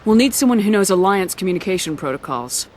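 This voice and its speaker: An actress playing a calm, decisive military commander in a video game, speaking in direct orders and questions. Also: female voice, mid-range voice, quick pace, a little hiss or hum, close to an everyday voice.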